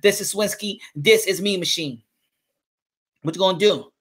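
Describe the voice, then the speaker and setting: A man calling a boxing fight live as channel host, excitable, repeating his calls and swearing. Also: high-pitched, normal speed.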